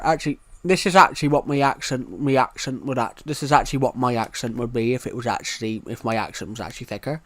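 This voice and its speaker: A man's voice: mid-range voice, fast, hardly any pauses. A young British man streaming a game live, rambling and repeating himself as he narrates each move. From United Kingdom. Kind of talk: live gameplay commentary.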